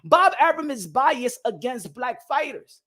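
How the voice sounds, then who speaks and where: Man, high-pitched, fiery livestream rant, boxing channel host, Spanish-English code-switching, repeats phrases. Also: big pitch swings, a little slow, pushed and bright. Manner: repeats himself for emphasis.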